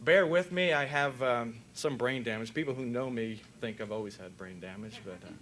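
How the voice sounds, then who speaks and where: An older man, a veterinarian, giving a joking, folksy talk at a convention and telling stories with animated voices. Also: medium pitch, moderate pace. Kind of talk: conference talk with told jokes. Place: convention hall.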